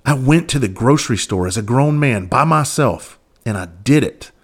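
A man's voice: mid-range voice, expressive, normal speed, breathy edge. A man hosting a podcast, telling stories in a candid, earnest way and swearing freely. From Southern United States. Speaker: podcast host. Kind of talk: casual storytelling monologue.

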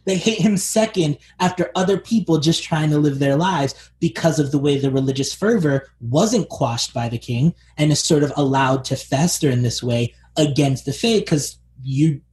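A man's voice: fairly high pitch, a little mellow. A man co-hosting a podcast, chatting casually about a TV series, peppering his talk with fillers. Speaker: podcast co-host.

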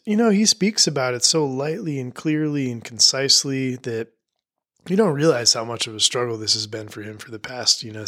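Bright-voiced man rambling and swearing. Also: mid-range voice. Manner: rambling, heavy swearing, fillers. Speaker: podcast host. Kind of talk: emotional spoken intro monologue.

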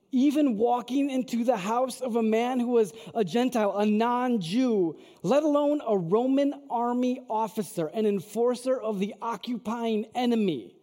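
A man's voice: high-pitched, expressive, measured pace, mellow. A man preaching a sermon, telling a story in a conversational way and asking the audience questions. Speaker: pastor. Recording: long hall reverb.

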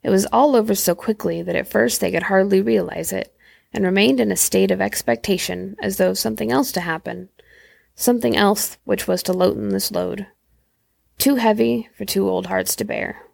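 A woman podcast host reading a classic horror story aloud in a slow, measured way. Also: mid-range voice, creaky, darkish tone, no echo, studio quality.

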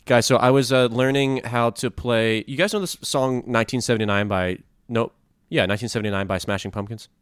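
A man's voice: medium pitch, a little fast, hardly any pauses, smooth, no room sound, studio quality. A man co-hosting a casual podcast chat, joking around and putting on mock accents. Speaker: podcast co-host.

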